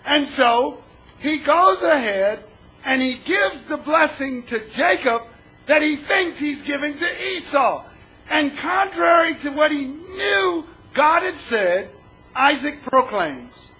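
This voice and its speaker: A man's voice: very high-pitched, expressive, takes it slowly, bright, forceful tone, poor audio. A man preaching a sermon, retelling a Bible story dramatically and calling out questions to the listeners.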